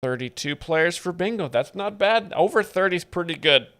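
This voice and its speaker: A man hosting a live comedy stream, giving casual, sardonic, deadpan commentary. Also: high voice, moderate pace.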